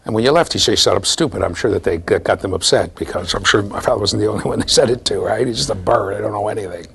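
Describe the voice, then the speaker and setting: A middle-aged man giving a university lecture, animated and storytelling, often checking in with the class. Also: on the low side, fast talker, gravelly, slight background noise. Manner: animated storytelling, mimics voices, asks the class "right?". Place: lecture hall.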